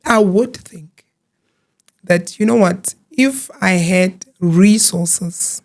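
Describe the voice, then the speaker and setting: A woman speaking as an interview guest, telling her own story in an earnest, halting way with frequent repeated words. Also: lowish voice, darkish tone. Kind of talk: personal testimony in an interview.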